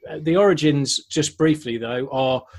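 This podcast co-host has a slightly high voice and talks at a normal speed. He's chatty and jokey on a casual online cocktail show while explaining the history of a drink.

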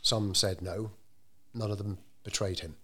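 A man telling a story in an interview, measured and unhurried, with frequent ums and restarts. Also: lowish voice, fairly even intonation, a bit bright. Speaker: interviewee telling local history. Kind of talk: conversational storytelling.

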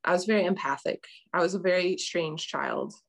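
A woman's voice: fairly low pitch, moderate pace, creaky. A middle-aged woman telling a personal story as a guest, earnest and rambling, with many restarts.

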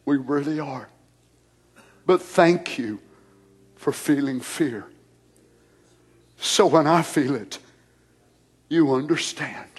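A man preaching and praying in a sermon, moving from hushed whispers to loud shouts. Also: on the high side, takes it slowly, long pauses, slightly rough. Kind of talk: sermon prayer.

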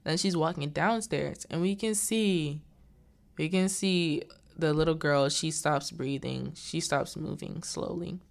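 A woman's voice: low voice, measured pace, vocal fry. A young woman casually recapping a film's plot, quoting the characters as she goes. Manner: retells the plot with quoted lines and filler "like". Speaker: movie reviewer.

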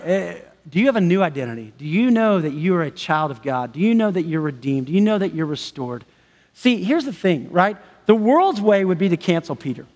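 A male pastor, preaching a sermon in an enthusiastic, chatty way with frequent laughs. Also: high-pitched. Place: large church hall. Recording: long church-hall reverb.

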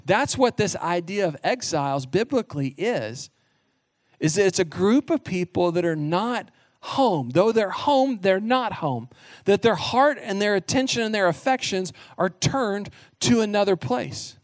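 A man's voice: high voice, animated, measured pace, no room sound, studio quality. A middle-aged man preaching a sermon as a pastor, earnest and emphatic, stressing short repeated phrases.

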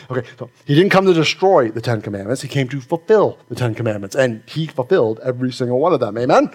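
A man's voice: on the high side, animated, quick pace. A man preaching a sermon, folksy, asking the congregation questions and joking with them. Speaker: pastor. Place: church sanctuary with congregation.

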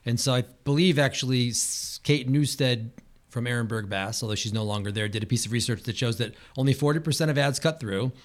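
A man's voice: medium pitch, a little fast. A man co-hosting a casual conversation, emphatic and opinionated.

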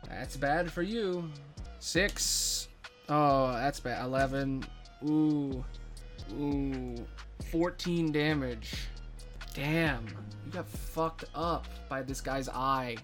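A man narrating as game master of a tabletop game, casual with dramatic pauses. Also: mid-range voice, a bit bright, soft background music.

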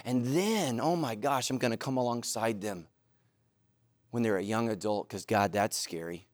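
A middle-aged man preaching a sermon, telling stories animatedly, moving between loud excitement and low, earnest intensity. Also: moderate pace, no echo, clean studio sound. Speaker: pastor.

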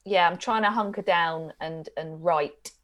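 A woman co-hosting a podcast in a relaxed, easygoing chat. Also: fairly low pitch, unhurried, highs cut off. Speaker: podcast co-host. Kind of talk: casual chat.

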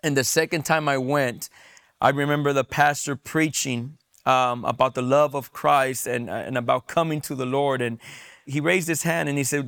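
Gravelly young man telling his story. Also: medium pitch, steady tone, moderate pace, fairly bright tone. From San Diego, USA. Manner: earnest, repeats words when emotional. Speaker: testimony guest. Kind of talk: personal testimony storytelling.

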